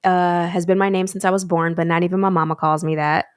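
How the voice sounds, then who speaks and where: A woman in her thirties, a guest on a talk show, quick and joking, laughing easily. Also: fairly low pitch, level tone, clear, resonant tone, no echo, clean studio sound. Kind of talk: casual interview chat.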